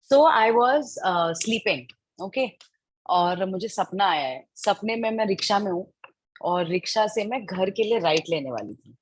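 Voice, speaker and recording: A young Indian woman, an actress, chatting in an interview in an animated, excitable way with a husky voice and Indian English accent. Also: medium pitch, rapid-fire, no echo, poor audio. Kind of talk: casual interview chat.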